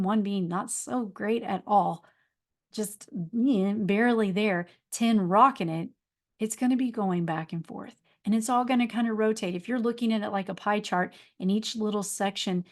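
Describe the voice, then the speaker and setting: A woman's voice: medium pitch, darkish tone. A middle-aged woman, hosting a motivational podcast and talking in an earnest, repetitive, encouraging way. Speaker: podcast host and life coach.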